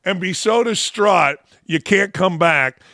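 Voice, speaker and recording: A man's voice: high voice, slow pace, creaky, bright, forceful tone, no echo, studio quality. A man hosting a sports talk show, giving brash, mocking, opinionated commentary.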